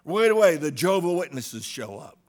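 A middle-aged male pastor preaching a sermon, swinging between loud emphatic bursts and hushed asides, asking the congregation "amen?". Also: on the high side, sing-song, fairly quick.

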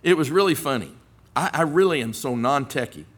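An older male preacher delivers his sermon in a folksy, storytelling way. His voice is fairly high and bright, with a lively, swooping delivery that climbs into forceful emphasis. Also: fairly quick.

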